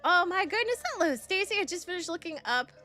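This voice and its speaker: A young woman streams to her chat in a high, bright voice. She is bubbly and excitable and swoops up and down in pitch as she greets people, with soft music playing behind her. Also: fast. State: nervous and excited.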